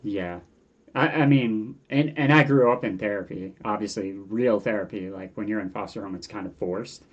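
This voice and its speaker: A man in his forties speaks as a guest in a relaxed podcast interview, his voice sitting fairly low. He talks earnestly and animatedly, often doubling words as he works out his thoughts. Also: moderate pace, dull audio. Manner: earnest and animated, repeats words while thinking. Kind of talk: casual conversational interview.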